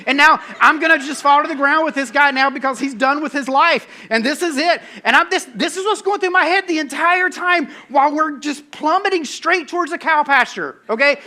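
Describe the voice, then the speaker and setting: A man preaching a sermon, telling a story in an animated, self-mocking way and acting out his own panic. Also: very high-pitched, fairly quick, few pauses. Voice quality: bald-headed, bearded. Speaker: pastor.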